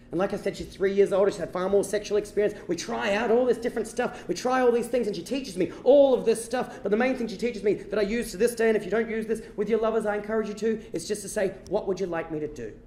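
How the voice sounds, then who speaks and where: A man telling a long personal story on stage as a stand-up comedian, animated and swinging from hushed lows to shouted bursts. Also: reverberant, a little hiss or hum. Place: stage before a live audience.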